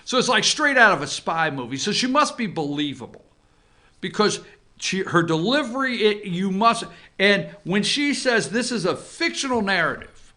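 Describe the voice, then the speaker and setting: A man's voice: fairly high pitch, normal speed, pushed and bright. A man hosting a casual opinion show from an office, talking straight to his viewers and checking in with frequent asides. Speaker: host.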